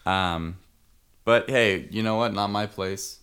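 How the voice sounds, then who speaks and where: Young male co-host, lower voice, quick jokes, rambling filler-heavy banter. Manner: joking, filler-heavy, animated put-on quotes. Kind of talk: casual chat.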